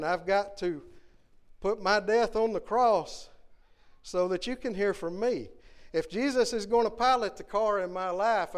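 A man preaching a Sunday morning sermon in a church, earnestly putting question after question to the congregation. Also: high-pitched. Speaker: guest preacher. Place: church sanctuary.

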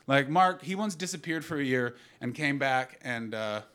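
A Canadian man in his thirties telling a stand-up comedy story and bantering with the audience, swinging from loud outbursts to low asides. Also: animated, moderate pace, clean tone. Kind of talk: stand-up comedy with crowd work.

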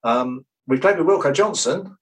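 A musician guest in a radio interview, telling rambling, enthusiastic anecdotes. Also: male voice, on the high side, lively intonation, normal speed, recorded from a distance, rough recording.

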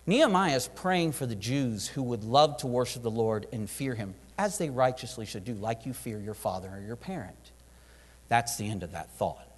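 Animated preacher man in a reverberant hall. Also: mid-range voice, normal speed. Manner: animated, acts out prayers and dialogue in varied voices. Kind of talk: sermon.

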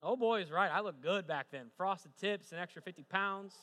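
A young man preaching to a congregation with a bright, forceful, fairly high voice. He tells a joking story and then drives his points home emphatically. His voice rings with a long reverb through a large church hall. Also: moderate pace. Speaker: pastor. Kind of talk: sermon.

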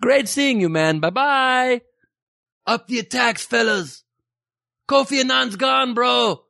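A man's voice: very high-pitched, lively intonation, slow pace, creaky, bright, forceful tone, no echo, studio quality, voice pushed up, heavily acted. A man playing a cocky mock-Jamaican dictator. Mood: gleeful swagger. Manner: swaggering, gleeful, profane. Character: mocking caricature of a male dictator, cocky and callous.

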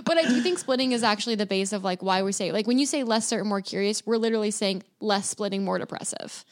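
A woman's voice: medium pitch, fast talker. A woman co-hosting a podcast, talking through ideas in a thoughtful, reflective way. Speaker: podcast co-host. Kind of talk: casual podcast conversation.

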